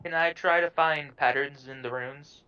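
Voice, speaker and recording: A man's voice: fairly high pitch, steady tone, normal speed, pushed and bright, highs cut off, slight background noise. A man player in a tabletop game, joking and groaning at his bad dice rolls. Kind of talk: casual chat at a tabletop game.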